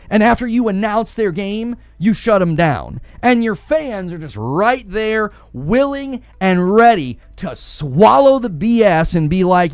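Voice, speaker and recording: A man's voice: high-pitched, big pitch swings, a little slow, hardly any pauses, dry recording. A man hosting a gaming commentary show, ranting in a heated, indignant and sarcastic way.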